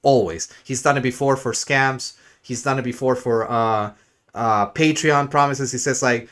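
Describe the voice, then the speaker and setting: A man's voice: mid-range voice, moderate pace, a bit bright. Crude sarcastic male streamer ranting. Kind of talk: mocking rant commentary.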